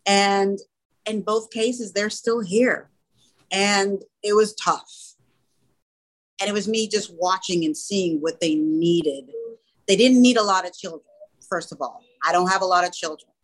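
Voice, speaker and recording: A woman who runs a small school talks in a relaxed interview. She tells earnest, animated stories and acts out the other people's lines as she goes. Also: mid-range voice, a little slow, low-quality recording. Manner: earnest, animated storytelling with quoted dialogue. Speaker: small school or daycare founder. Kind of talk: casual interview chat.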